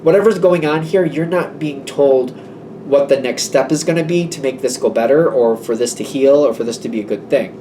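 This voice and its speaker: A man's voice: medium pitch, fairly quick, far from the mic, noisy background. A man giving a casual, rambling tarot reading, acting out little exchanges between people as he talks. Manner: chatty, rambling, acts out quoted exchanges. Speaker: tarot reader.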